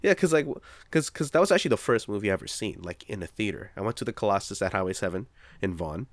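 A man telling stories in casual, profane chat, animated when he tells them. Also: fairly low pitch, fast talker, no echo.

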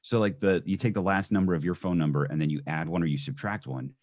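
A man with a very deep voice, a guest in a casual podcast chat. He is easygoing and laughs along, restarting his sentences as he goes. The sound is slightly dull and lo-fi. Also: fairly even intonation, fast talker, darkish tone.

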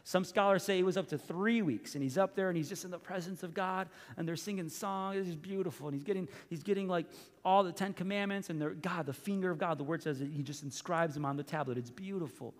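A man preaching a sermon, telling the story with lively voices, swinging from loud bursts to hushed, intimate asides. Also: high-pitched, quick pace. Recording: reverberant hall with faint music.

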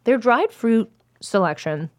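A woman's voice: fairly high pitch, expressive, takes it slowly, a little mellow. A woman co-hosting a podcast chats casually, her words muffled as she talks with her mouth full. She laughs often and keeps an easy, conversational pace. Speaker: podcast co-host. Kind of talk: casual chat while tasting snacks. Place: small studio in a black box theater.

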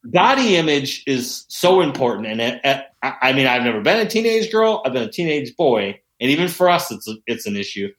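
Animated, profane man telling stories. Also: medium pitch, fairly quick, few pauses. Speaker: podcast guest. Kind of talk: casual storytelling chat. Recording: roomy echo.

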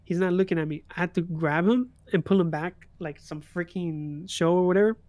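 A man's voice: high voice, a little fast, darkish tone, no echo. A young man streaming, telling a story in casual chat and laughing often.

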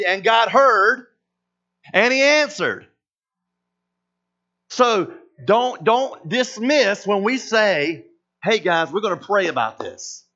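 A man delivers a lively sermon, his voice sitting high for a man. He slips into the voices of the characters he talks about. The sound is dull and lo-fi. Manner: animated, acts out voices of Moses and God. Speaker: pastor.

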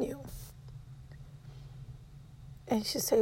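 Slow-talking woman. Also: a little high, very animated, mellow, a little hiss or hum. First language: Spanish. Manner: emotional, frank, swears freely. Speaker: mother. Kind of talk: casual personal storytelling.

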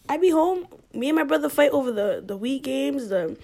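A young woman telling a story in a casual, animated way, with lots of fillers and frequent laughter, sometimes dropping almost to a whisper. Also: high voice, a little fast, gravelly.

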